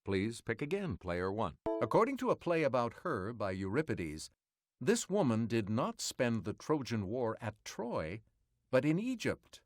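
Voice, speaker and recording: A man hosting a quiz show, reading clues in a measured, crisp way and calling on the player to choose again. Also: medium pitch, huge pitch swings.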